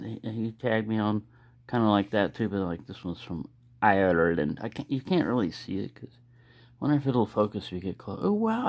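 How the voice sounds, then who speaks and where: A man talks easily to his own camera at home, wandering off on asides and circling back. His speech is loose and conversational, full of restarts, picked up plainly by the camera's microphone. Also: lowish voice. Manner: rambling, with frequent restarts and asides. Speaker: knife collector showing his collection. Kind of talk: casual show-and-tell vlog.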